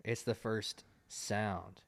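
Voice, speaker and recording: A man's voice: lowish voice, fairly even intonation, very slow, vocal fry. A man in his thirties co-hosting a podcast, chatting casually and teasing his partner in easygoing banter. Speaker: podcast co-host.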